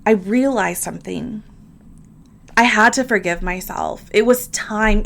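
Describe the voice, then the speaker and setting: A woman's voice: medium pitch, fairly bright tone. A woman hosting her own podcast, talking candidly and earnestly, addressing listeners directly and often repeating words as she works through her thoughts. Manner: earnest, emphatic, repeats words when moved. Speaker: podcast host. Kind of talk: candid personal podcast monologue.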